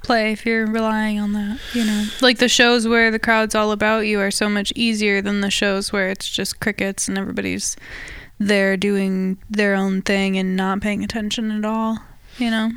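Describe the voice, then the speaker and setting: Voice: medium pitch, flat delivery, normal speed, fairly bright tone, smooth, dry recording. A podcast co-host in casual chat, laid-back and giving short agreeing replies.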